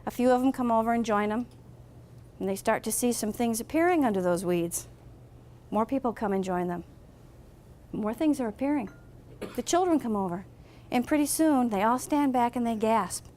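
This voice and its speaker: Woman guest speaker telling a story, lively storyteller, kinda high voice. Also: moderate pace. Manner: animated storyteller. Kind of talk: storytelling speech.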